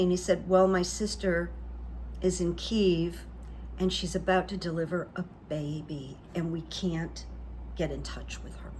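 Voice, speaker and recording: Chatty woman host with a lowish voice. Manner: chatty, confiding, trails off softly at ends of phrases. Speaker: channel host. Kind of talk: casual storytelling monologue. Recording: faint background noise.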